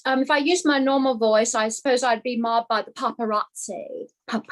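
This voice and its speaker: A woman with a slightly high voice performs a rambling improv monologue as a celebrity. She pads her lines with fillers and drifts from thought to thought.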